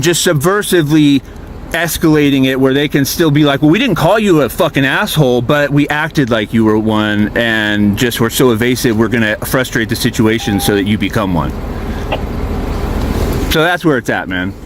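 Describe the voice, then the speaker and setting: A man sitting in his vehicle, telling his grievance in a fast, profane, aggrieved rush while filming on his phone. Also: medium pitch, background noise. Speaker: RV park guest filming a police encounter. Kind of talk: agitated venting monologue.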